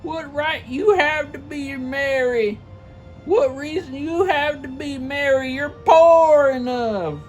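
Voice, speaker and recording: A man's voice: very high voice, expressive, measured pace, fairly bright tone, faint music behind, heavily acted. A man voicing a bitter, scornful old miser in a comedic storybook reading, with shrieking outbursts.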